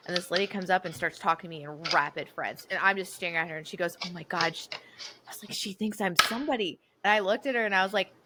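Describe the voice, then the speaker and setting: A woman's voice: on the low side, racing, few pauses. Chatty woman over background noise. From United States. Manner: rambling storyteller, many fillers. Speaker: podcast co-host. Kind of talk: casual chat.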